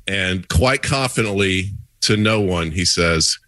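A middle-aged man, a comedian, telling dry deadpan jokes and anecdotes in casual banter over a video call. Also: sits low, a little slow, no echo. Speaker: comedian guest. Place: apartment room.

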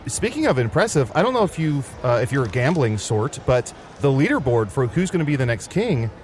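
A man's voice: mid-range voice, fairly quick, slight background noise, lightly acted. A man playing an eager, nosy adventurer in an improvised comedy role-play. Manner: eager, excitable.

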